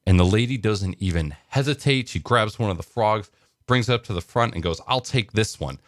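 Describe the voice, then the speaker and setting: A deep-voiced man rambling through a casual morning vlog, with plenty of ums and likes. The sound is dry and close, with no room echo. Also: fairly quick. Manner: rambling, lots of fillers. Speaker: vlogger.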